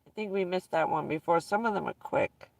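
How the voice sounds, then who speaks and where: A woman vlogger tells rambling personal stories to her viewers, often breaking into laughter mid-sentence. Her voice is fairly low, brisk and gravelly, recorded from a distance with no room sound.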